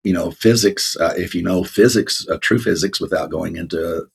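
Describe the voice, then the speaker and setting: A man's voice: sits low, moderate pace, creaky, slightly rough. A man co-hosting a casual Bible discussion, rambling with many fillers and frequent laughs. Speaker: co-host of a Bible talk show.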